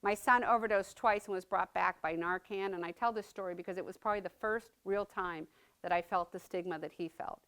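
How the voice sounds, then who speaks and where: A woman's voice: medium pitch, brisk, a bit bright. A middle-aged woman giving a personal testimony talk, conversational and earnest, often checking in with the audience by asking "right?". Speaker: speaker sharing her story as a mother.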